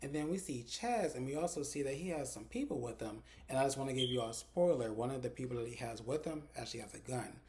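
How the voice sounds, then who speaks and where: A man's voice: medium pitch, lively intonation, quick pace, hardly any pauses, darkish tone, slight background noise. A man in a casual recap vlog who retells scenes with lots of "like" and swears freely. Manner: chatty, retells dialogue with lots of "like". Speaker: TV episode reviewer.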